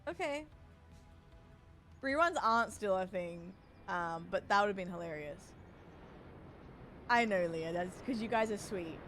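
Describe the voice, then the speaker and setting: A woman's voice: mid-range voice, expressive, unhurried, pauses often, fairly bright tone, faint music behind. A woman streamer chatting casually and emotionally, giggling, swearing freely and thanking her donors. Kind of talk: casual live-stream chat.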